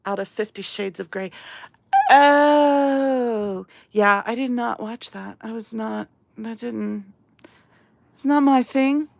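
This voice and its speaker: A woman's voice: fairly high pitch, steady tone, measured pace, gravelly, no room sound. A woman hosting a casual live stream while painting, chatty and self-deprecating, reading chat aloud. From outside England. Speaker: livestream host.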